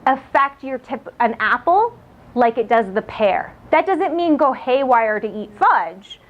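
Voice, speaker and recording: A woman giving a live lecture on diet and exercise, chatty and lively, asking her audience questions. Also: fairly high pitch. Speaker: nutrition speaker. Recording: muffled lo-fi lecture recording.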